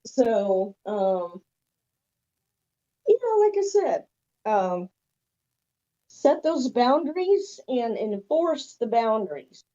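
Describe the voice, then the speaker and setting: A woman's voice: a little high, big pitch swings, takes it slowly, pauses often, mellow. A woman guest on a radio show giving emphatic advice and saying "you know" again and again. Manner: emphatic, repeats "you know" often, laughs. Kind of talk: casual advice chat. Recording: dull lo-fi sound.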